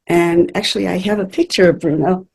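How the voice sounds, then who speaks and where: A woman's voice: on the low side, fairly quick, creaky, slightly rough. A woman who works as a spiritual medium, earnestly telling personal stories in a chatty interview. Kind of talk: interview storytelling.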